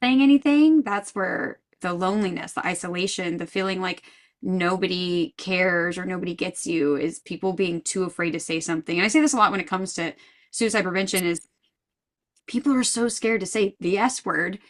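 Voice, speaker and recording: A woman's voice: fairly low pitch, moderate pace. A woman guest in a podcast interview, speaking earnestly and thoughtfully, often restarting her sentences. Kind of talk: casual interview chat.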